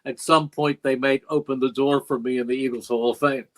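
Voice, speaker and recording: A man's voice: medium pitch, fairly even intonation, fairly quick, a bit bright, poor audio. Older male broadcaster telling stories. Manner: reflective, emotional retelling with quoted dialogue. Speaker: longtime play-by-play broadcaster, guest. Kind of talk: interview storytelling. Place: podcast studio.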